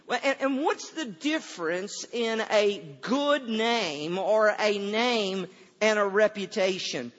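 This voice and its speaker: A man's voice: sits high, slow, a bit bright. An older man, a pastor, preaching a folksy sermon and often repeating his first words before a thought. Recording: dull sound with long hall reverb.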